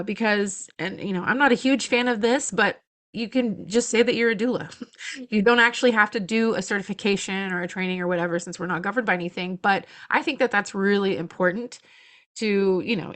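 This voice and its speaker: A woman doula as a podcast guest, animated and acting out dialogue as she tells stories. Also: medium pitch. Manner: animated storyteller, acts out dialogue. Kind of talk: casual podcast interview.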